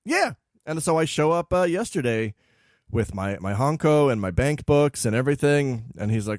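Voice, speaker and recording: Brief: lively male podcast host, storytelling, big swings in pitch, dry close mic. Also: moderate pace, dry recording. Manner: animated storyteller, acting out quoted people; says he is loud and over-caffeinated. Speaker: podcast co-host and bar owner. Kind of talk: casual chat.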